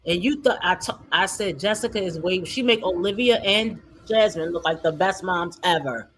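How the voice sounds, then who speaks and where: A woman's voice: on the low side, moderate pace, a bit bright, husky. A woman streamer giving sarcastic, mocking reaction commentary and talking straight to her viewers. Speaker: streamer host.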